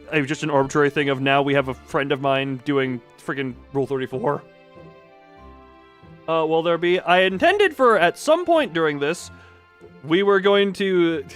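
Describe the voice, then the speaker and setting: A man streaming live, chatting casually while gaming, excitable and rambling with mild swearing and frequent laughs. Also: fairly high pitch.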